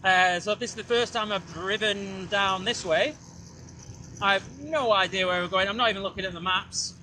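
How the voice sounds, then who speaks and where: A man's voice: sits high, moderate pace, pushed and bright, a little hiss or hum. A man chatting casually and rambling as he rides a scooter outdoors, talking into a small mic with a fluffy windshield. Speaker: podcast host. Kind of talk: casual vlog narration while riding. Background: road ambience.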